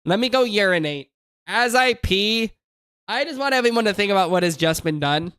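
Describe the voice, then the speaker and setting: Bright, exasperated young gaming streamer. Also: male voice, high-pitched, lively intonation, normal speed, clean tone, no echo, clean studio sound. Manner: exasperated ranting, repeats phrases, says dude. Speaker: gaming channel host. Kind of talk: let's play commentary.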